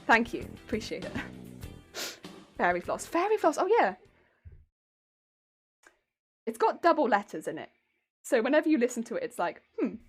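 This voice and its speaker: A woman's voice: fairly high pitch, big pitch swings, quick pace, breathy edge, soft background music. A woman streamer chatting casually with her viewers, laughing often and restarting her sentences.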